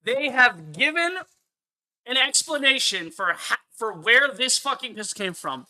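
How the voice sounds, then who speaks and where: A man's voice: very high-pitched, very animated, measured pace, pushed and bright. A man ranting angrily on a live stream as he reviews a film, swearing often and repeating his points for emphasis. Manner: angry, profane ranting.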